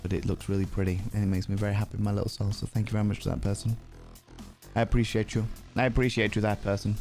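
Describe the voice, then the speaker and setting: A man hosts a casual livestream and greets viewers with cheeky, playful banter. His voice sits on the low side and he sounds a bit sleepy. Faint music plays under his talk. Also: level tone, rapid-fire, darkish tone. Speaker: livestream host.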